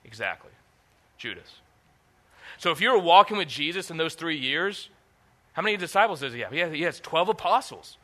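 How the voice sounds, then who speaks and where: A man preaching a sermon, reading scripture aloud and asking the audience questions in an animated way. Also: on the high side, moderate pace.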